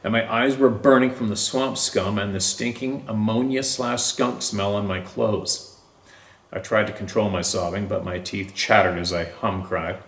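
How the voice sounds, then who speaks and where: Low-voiced man narrating slowly in a roomy space. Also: fairly even intonation, creaky, a bit bright. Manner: slow, deliberate reading with drawn-out pauses. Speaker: story narrator. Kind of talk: scripted narration of a first-person encounter story.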